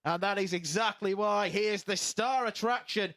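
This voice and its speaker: A man's voice: high-pitched, moderate pace, a bit bright, no room sound. A man calling live darts, eager and urgent. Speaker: darts commentator. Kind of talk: live sports commentary.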